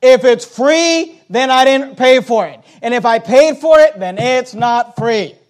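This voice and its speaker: A male preacher with a high-pitched voice delivers a sermon. He presses his points loudly and then drops low and quiet for asides. He also reads scripture aloud in old-fashioned wording. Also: measured pace. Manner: emphatic, swings from loud urgent points to low quiet asides.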